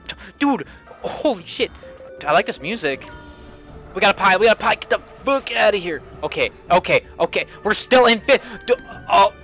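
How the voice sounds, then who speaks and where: High, lively young gaming streamer. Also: male voice. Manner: frustrated, swearing, repeats himself. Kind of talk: live gameplay commentary. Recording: game music playing behind.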